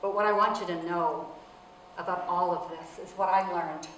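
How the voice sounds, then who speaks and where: A woman's voice: fairly low pitch, fairly even intonation, moderate pace, a bit bright. A woman reverend giving an earnest, spiritual inspirational talk to an audience. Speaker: reverend, speaker. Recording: echoey room from far off, faint noise.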